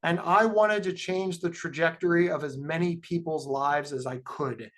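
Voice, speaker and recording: A middle-aged man from Ohio giving a personal talk as a guest speaker, animated, with many repeated starts. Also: fairly high pitch, moderate pace. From Ohio, USA. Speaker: guest speaker, mental health advocate.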